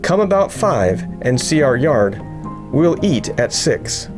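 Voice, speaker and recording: A man's voice: medium pitch, sing-song, takes it slowly, over music. A man voicing a friendly, hospitable woman in a storybook reading. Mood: welcoming.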